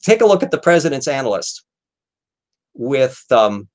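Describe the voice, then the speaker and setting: A man's voice: mid-range voice, big pitch swings, normal speed, a little mellow, low-quality recording. A man hosting an aftershow, chatting casually and rambling about old films with many fillers and restarts. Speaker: host.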